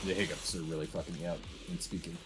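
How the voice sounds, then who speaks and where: A man's voice: sits low, level tone, fast, over music. A young man streaming a game, giving a rambling, emphatic commentary with frequent restarts. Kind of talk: casual gameplay commentary.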